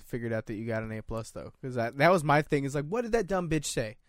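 A man's voice: mid-range voice, fast talker, no room sound, clean studio sound. A man in casual chat, cracking crude, teasing jokes and insults. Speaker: podcast co-host.

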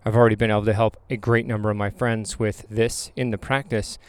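A man around thirty spins a motivational story with emphatic, animated delivery and dramatic pauses. His voice is smooth and resonant, recorded dry and close. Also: fairly low pitch, no room sound. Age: late 20s to 30s. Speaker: photographer and hypnotherapist.

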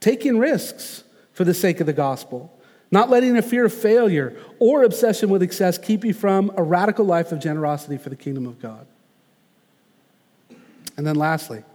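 A man preaching a sermon as pastor, earnest and measured, slowing down to stress key phrases. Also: sits high, darkish tone, long reverb tail.

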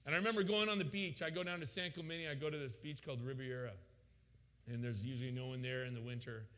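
A man preaching a sermon, telling his story with animated loud peaks and frequent stammered restarts. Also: mid-range voice, quick pace. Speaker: pastor. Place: church sanctuary. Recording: long hall reverb.

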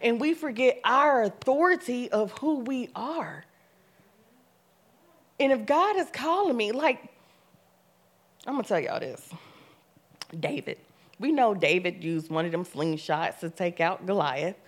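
Sharing her testimony in church, a young woman narrates with animation, voicing what she once said and rising into loud, forceful preaching. Her voice is a little high and animated, with a measured pace and frequent pauses.

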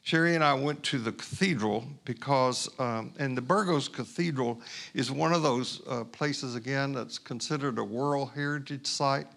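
A male pastor from Houston, Texas telling a personal story in a sermon, conversational and halting with asides. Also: medium pitch, creaky, a bit bright.

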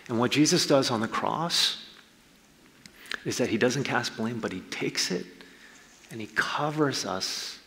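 A man's voice: deep voice, sharp tone, long reverb tail. A man preaching a sermon as pastor in a conversational, storytelling way, with slangy asides.

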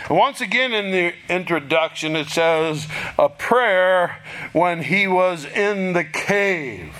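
A man preaching a sermon in a slow, deliberate way, pausing for effect and acting out prayers in a pleading voice. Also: a little high, fairly bright tone. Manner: slow, deliberate delivery with dramatic pauses; acts out prayers in a raised, pleading voice.

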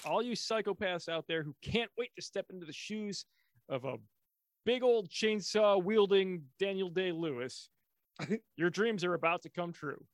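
A man's voice: high voice, unhurried, no echo, studio quality. A man co-hosting a podcast in casual chat, sarcastic and joking, on a video call. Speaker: podcast co-host.

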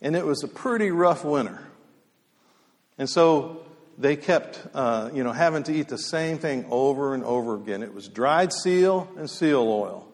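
A man telling folksy stories casually, with many fillers and restarts, in a halting, easygoing way. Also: medium pitch, expressive. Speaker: storyteller speaker. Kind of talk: casual spoken storytelling. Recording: long hall reverb.

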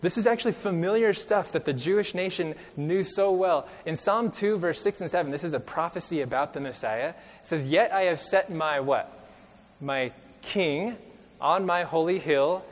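A male preacher giving a sermon, reading scripture slowly and with emphasis and quizzing his listeners as he goes. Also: a little high, expressive. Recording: long reverb of a large hall.

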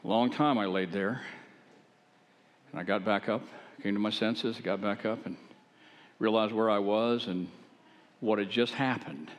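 A man preaching, telling his own testimony in a folksy, animated, conversational way with self-deprecating humor. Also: lowish voice, unhurried, long pauses. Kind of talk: folksy storytelling sermon. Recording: long hall reverb.

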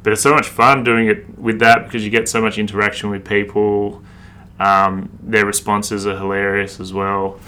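A man's voice: fairly low pitch, little pitch movement, moderate pace, pushed and bright, slight background noise. A man in his thirties with an Australian accent, a street artist chatting laid-back and swearing freely in an interview. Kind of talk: casual interview chat.

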